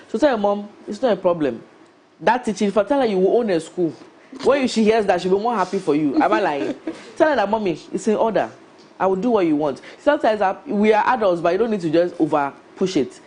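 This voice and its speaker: Ghanaian woman, HR guest, mellow voice, emphatic adviser. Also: mid-range voice, animated, fast, husky. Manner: emphatic, advising, rhetorical questions. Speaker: HR professional guest. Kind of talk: career advice talk.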